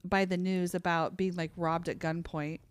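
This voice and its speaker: A young woman co-hosting a podcast in casual, excitable chat, swearing and tripping over her words. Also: lowish voice, normal speed, clear, resonant tone. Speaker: podcast co-host.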